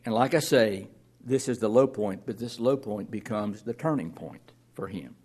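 A man's voice: fairly low pitch, moderate pace, darkish tone, husky. A man pastor preaching a sermon in an earnest way, reading scripture aloud and often repeating words as he restarts.

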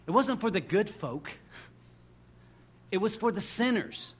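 A man with a fairly high-pitched voice delivers a sermon as a pastor. He reads scripture with deliberate, slowed emphasis and swings between fervent, loud declarations and quiet, intimate asides. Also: lively intonation, breathy edge. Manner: reads scripture aloud with deliberate slowing on key words.

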